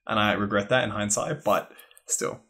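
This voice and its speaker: A man's voice: on the low side, fairly even intonation, normal speed, vocal fry, pushed and bright. Chatty young man. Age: young adult. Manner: laughs often, chatty storytelling. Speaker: podcast co-host. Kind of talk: casual chat.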